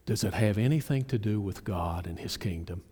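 A man's voice: lowish voice, normal speed, dark tone, breathy edge. A male pastor preaching a sermon, asking his congregation pointed rhetorical questions.

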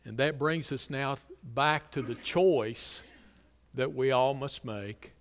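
A man preaching a sermon as a pastor, slow and emphatic, rising loud and dropping to near quiet for stress. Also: medium pitch, in a large hall. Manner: slow, emphatic preaching with swells and drops in volume.

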